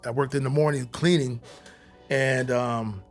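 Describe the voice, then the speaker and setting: A middle-aged man, a podcast guest, telling his story in a casual, animated, profane way with many restarts. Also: mid-range voice, measured pace, faint music behind.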